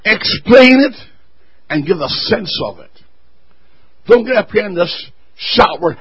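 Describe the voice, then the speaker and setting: A man preaching a sermon to his church, swelling to loud shouts and dropping to quiet asides. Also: high-pitched, big pitch swings, unhurried, long pauses, husky, rough recording. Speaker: pastor.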